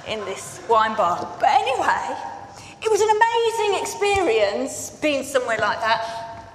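A woman's voice: fairly high pitch, a little hiss or hum. Woman preaching in an echoey hall. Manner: chatty storytelling. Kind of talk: sermon with personal story. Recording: echoey hall with long reverb.

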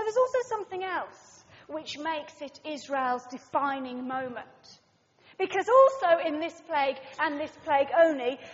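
High-voiced woman preaching in a hall. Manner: dramatic storytelling, swinging from loud to hushed. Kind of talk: sermon with story reading. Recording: dull sound in a reverberant hall.

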